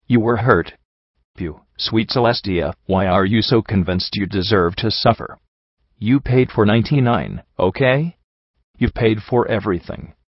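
A man doing a soft-spoken young mare pegasus. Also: on the low side, a little slow, no echo. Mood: soft pleading. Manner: soft, tearful. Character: gentle young female pegasus, soft and caring. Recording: dull lo-fi, dry.

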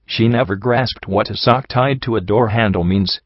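A man reads a story aloud in a steady, even way, his voice on the low side. The recording is dry with no room sound, and the tone is somewhat dull and muffled. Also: moderate pace, hardly any pauses, no echo. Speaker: story reader. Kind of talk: narration of a fan story.

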